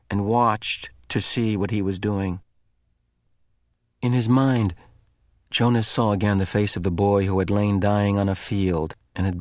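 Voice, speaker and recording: A man reading a novel aloud with expressive, measured narration. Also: lowish voice, dry recording, clean studio sound. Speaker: reader.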